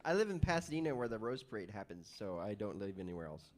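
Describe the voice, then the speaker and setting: A male voice actor on a convention panel, trading deadpan, contrary jokes. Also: fairly low pitch, quick pace, slight background noise. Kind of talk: joking panel banter.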